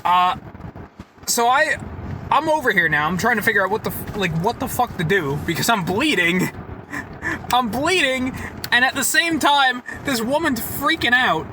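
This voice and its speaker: A man's voice: extremely high pitch, animated, unhurried. A young man vlogging a heated, profanity-filled story, rambling and saying "like" a lot, to a camera set down outdoors near traffic. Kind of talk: casual storytelling. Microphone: camera set down nearby.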